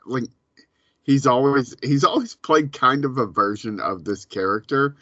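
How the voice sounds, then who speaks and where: A man co-hosting a podcast, chatting casually in a halting, hesitant way full of fillers. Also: medium pitch, lively intonation, sharp tone, no echo, highs cut off. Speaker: podcast co-host. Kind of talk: casual chat reviewing a show.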